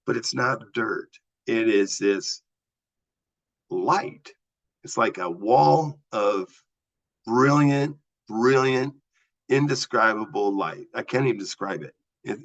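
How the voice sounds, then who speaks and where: A man telling a personal story as a podcast guest, vividly acting out the voices of the people he talks about. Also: lowish voice. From US Southwest. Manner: animated storyteller acting out dialogue. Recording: slightly dull lo-fi audio.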